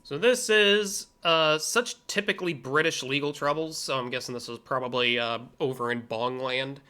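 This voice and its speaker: A man's voice: medium pitch, normal speed, bright, forceful tone, clear, resonant tone. An American man hosting a livestream, reacting to clips with sarcastic, rambling commentary and profane asides. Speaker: livestream host reacting to videos. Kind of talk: casual commentary.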